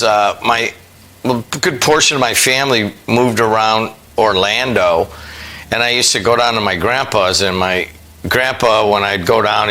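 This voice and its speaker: A man's voice: fairly low pitch, pushed and bright, rough recording. A man hosting a casual call-in radio show, rambling and easygoing, with a Northwest Indiana accent. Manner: rambling, easygoing, many fillers. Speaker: radio host.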